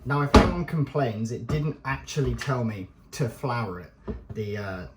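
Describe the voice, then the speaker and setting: A man's voice: mid-range voice, measured pace, heavy background noise. A young man talking to himself while cooking in a home kitchen, chatty and self-mocking. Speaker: vlogger. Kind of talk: casual cooking vlog. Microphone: head-mounted action camera.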